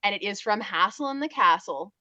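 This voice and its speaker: A woman's voice: expressive, a little fast, pushed and bright, dry recording. A woman on a fan podcast panel, talking enthusiastically and acting out cartoon lines. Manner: enthusiastic, acts out cartoon lines in higher voices. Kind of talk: casual podcast chat.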